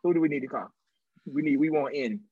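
A man co-hosting a casual chat show, asking lots of questions in a lively way with halting restarts. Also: fairly high pitch, husky, no echo, narrow, tinny audio. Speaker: podcast co-host.

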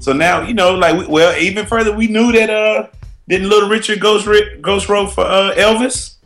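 Bright-voiced man co-hosting a podcast. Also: high-pitched, steady tone, normal speed, faint music behind. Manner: laid-back, repeats "you know what I'm saying". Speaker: podcast co-host. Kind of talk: casual banter.

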